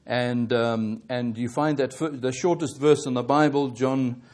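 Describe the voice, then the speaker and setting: A man preaching a sermon, halting and correcting himself often, growing more emphatic as he presses his points. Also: mid-range voice, steady tone, darkish tone. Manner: halting, with many fillers and self-corrections.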